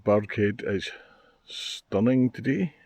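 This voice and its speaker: A man's voice: lowish voice, takes it slowly, lo-fi sound. An older Scottish man, a race sweeper, chatting casually and wryly to camera while cycling a coastal trail outdoors. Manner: chatty, wry and self-mocking. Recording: faint outdoor noise.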